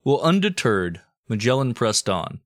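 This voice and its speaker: A man co-hosting a comedic history podcast, telling the story in a crude, deadpan joking way. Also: medium pitch, measured pace, no room sound, studio quality. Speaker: podcast co-host.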